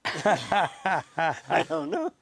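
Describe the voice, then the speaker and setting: A man in his seventies, a former TV weatherman, telling lively anecdotes as an interview guest. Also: on the high side, drawn-out words, gravelly, a little hiss or hum. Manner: animated storyteller who jumps between voices.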